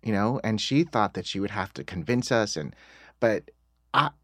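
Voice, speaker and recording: A middle-aged American man, a screenwriter being interviewed, telling self-deprecating stories in a casual, animated way. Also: fairly low pitch, normal speed, dry recording, studio quality. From United States. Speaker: screenwriter guest.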